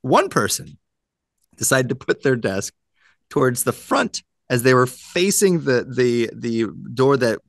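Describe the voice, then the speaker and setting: Animated, laughing male podcast host. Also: mid-range voice, measured pace, creaky, no room sound, clean studio sound. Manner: animated storyteller, laughs often. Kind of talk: casual chat, reading news items.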